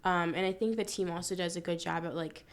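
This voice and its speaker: A woman's voice: fairly low pitch, steady tone, quick pace. A young woman from Florida, a student-athlete guest chatting casually in an interview, with frequent "like" fillers. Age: young adult.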